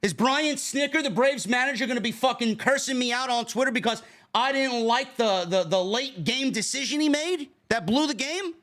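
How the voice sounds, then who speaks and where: A man's voice: extremely high pitch, normal speed, few pauses, a bit bright. A man co-hosting a wrestling podcast, indignantly ranting with profane rhetorical questions. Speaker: podcast co-host. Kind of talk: heated podcast rant.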